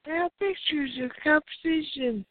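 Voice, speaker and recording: A woman hosting a show who reads a children's story aloud slowly, stumbling and correcting herself. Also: high-pitched, dry recording. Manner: slow, halting reading with self-corrections. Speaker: host and story reader. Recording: tinny phone-like sound.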